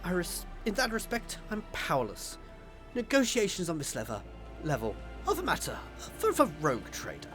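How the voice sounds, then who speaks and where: A man putting on a pompous, stuffy video game official. The voice sits high and swoops up and down with a formal, fussy air. Soft music plays behind him. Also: wildly swooping pitch, moderate pace, full character voice. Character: stuffy pompous male ship administrator. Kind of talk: video game voice-over reading.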